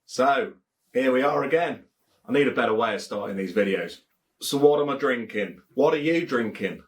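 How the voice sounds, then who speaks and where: A man's voice: medium pitch, lively intonation, moderate pace. A man from England with a Leicestershire accent, chatting casually to camera as a beer reviewer, rambling and jokey and repeating his phrases.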